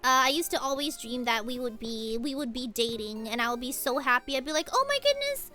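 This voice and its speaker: A woman's voice: on the high side, steady tone, a little fast, pushed and bright, faint music behind. A young woman streaming a game from home, chatting and rambling about her dreams with laughs and squeals while she plays. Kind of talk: casual gaming stream chat.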